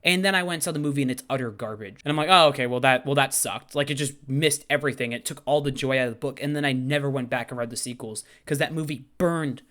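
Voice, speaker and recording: A young man in his twenties, a high school English teacher, answering viewer questions in a casual vlog, animated and outspoken with some casual swearing. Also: fast, hardly any pauses.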